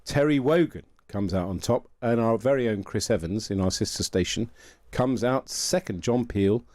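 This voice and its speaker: Radio host guy, mellow darkish voice, easygoing chat, says yeah a lot, dry studio mic. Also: medium pitch, moderate pace, dry recording. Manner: conversational, affirming, with small fillers. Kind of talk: radio political discussion. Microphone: studio microphone.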